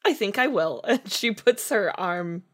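Slow, hesitant woman player. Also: medium pitch, lively intonation, fairly bright tone. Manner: hesitant, with many pauses and ums. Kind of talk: playing a tabletop game.

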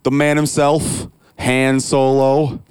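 A man's voice: mid-range voice, little pitch movement, slow pace, darkish tone, smooth, no room sound, clean studio sound. A man co-hosting a podcast, chatting casually, rambling and swearing as he corrects himself. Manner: rambling, profane, self-correcting. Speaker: podcast co-host. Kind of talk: casual chat.

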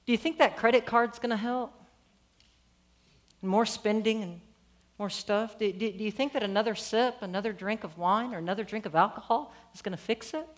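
A woman's voice: mid-range voice, normal speed. A woman preaching a sermon, retelling a story in a conversational way and putting questions to her listeners. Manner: animated, conversational, asks the audience questions.

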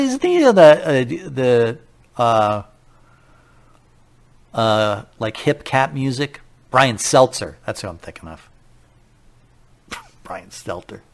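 A medium-pitched man hosts a political talk radio show, sounding animated and incredulous as he fires off rhetorical questions. Now and then he laughs at his own slips.

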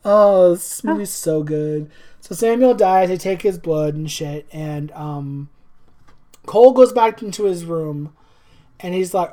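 A woman's voice: on the low side, measured pace. A woman casually recapping a horror movie, acting out the characters and laughing often. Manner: animated storytelling, acts out characters, laughs often. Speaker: podcast co-host recapping a movie. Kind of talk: casual chat.

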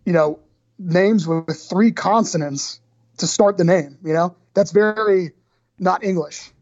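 A man's voice: high voice, measured pace, darkish tone, dry recording, highs cut off. An American man co-hosting a podcast, chatting casually and playfully. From United States. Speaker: podcast co-host. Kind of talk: casual chat.

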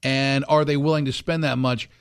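A man's voice: moderate pace, smooth. A man hosting a morning radio show, chatting and telling stories animatedly, acting out quotes in other voices. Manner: animated storyteller, acts out quotes in high voices. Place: radio studio.

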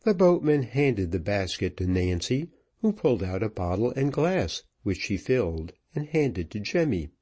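A man reading a novel aloud in a measured, expressive way. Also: on the low side, husky. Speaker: audiobook narrator. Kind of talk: scripted narration.

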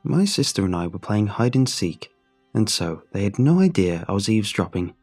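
A man narrating a first-person story in a measured, reflective way. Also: lowish voice, very animated, darkish tone, husky, soft background music.

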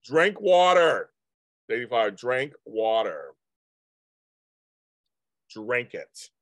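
A man's voice: medium pitch, sing-song, very slow, a bit bright, no room sound. A man in his fifties hosting a live stream, chatting casually and rambling as he answers comments from viewers. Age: 50s.

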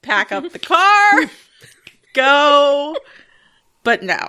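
A woman in casual chat, animated and profane, acting out characters' lines. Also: high-pitched, very slow. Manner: animated, swears, acts out lines.

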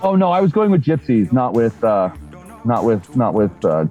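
A man casually telling a profane story on a podcast in a deadpan way. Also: medium pitch, moderate pace, muffled recording, faint music behind. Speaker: podcast co-host.

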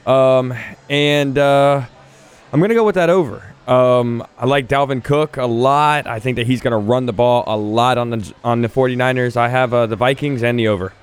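A man co-hosting sports betting radio, giving his picks hesitantly with many pauses. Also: mid-range voice, clear, resonant tone. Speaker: co-host.

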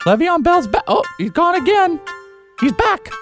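A woman voicing an earnest female public-radio documentary narrator in a parody bit, with measured delivery and dramatic pauses. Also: very high-pitched, big pitch swings. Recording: music bed behind voice.

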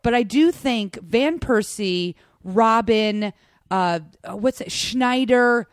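A woman from the United States co-hosting a casual sports chat, animated and chatty, often restarting her sentences. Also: fairly high pitch, slow pace, clean tone, no room sound, studio quality. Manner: chatty, animated, self-interrupting. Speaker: podcast co-host.

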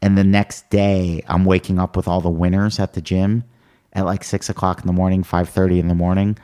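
A middle-aged male comedian telling animated stories in casual chat, acting out what people said. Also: sits low, a little fast, clear, resonant tone. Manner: animated anecdotes with quoted voices. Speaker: comedian guest.

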